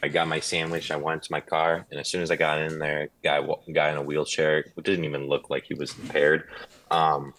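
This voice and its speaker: A young man co-hosting a casual podcast, telling a story in an animated way. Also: very deep voice, brisk, a little hiss or hum. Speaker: podcast co-host. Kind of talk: casual chat.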